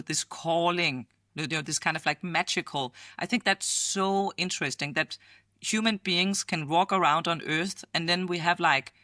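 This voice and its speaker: Woman futurist from Denmark, animated storyteller, laughs often, bright tone, dry recording. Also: on the low side, no room sound. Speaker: futurist guest. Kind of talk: storytelling in conversation.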